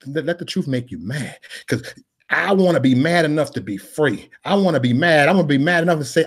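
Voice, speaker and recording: A man delivering a preachy, freewheeling monologue, repeating his phrases in a sermon-like cadence and mixing in casual slang, swinging from loud declarations to mumbled asides. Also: fairly high pitch, lively intonation, quick pace, slightly rough. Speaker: political vlogger. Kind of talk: preachy live-stream monologue.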